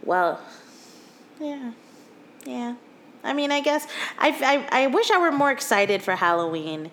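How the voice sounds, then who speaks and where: A woman's voice: high voice, sing-song, unhurried, fairly bright tone, slight background noise. Giggly rambling woman in her thirties. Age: 30s. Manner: giggly, rambling, lots of fillers and restarts. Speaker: podcast co-host. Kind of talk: casual chat.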